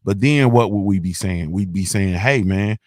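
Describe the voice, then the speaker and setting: A man hosting a casual talk show in a loose, laid-back manner. His voice sits fairly low, and he drops in fillers and repeated tags as he goes. The sound is dry and close, with little room echo. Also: moderate pace, dark tone. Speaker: host.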